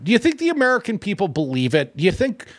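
Lively, joking talk radio host man. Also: high-pitched, fast, dry recording. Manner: lively, joking, animated delivery. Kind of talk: casual talk radio banter.

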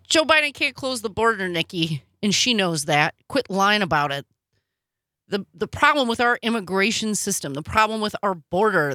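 A woman hosting a political commentary show, animated and cutting in her remarks. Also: mid-range voice, no room sound, clean studio sound. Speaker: host.

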